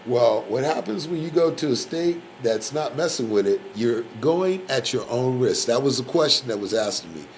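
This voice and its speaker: A man's voice: mid-range voice, expressive, moderate pace, hardly any pauses, slight background noise, rough recording. A man hosting a live community radio show in a loose, casual way, rambling with lots of fillers. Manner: rambling, filler-heavy, shout-outs.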